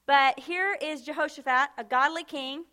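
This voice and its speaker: A woman's voice: high-pitched, normal speed, pushed and bright. A woman preaching a sermon with impassioned, emphatic repetition and casual asides to the congregation.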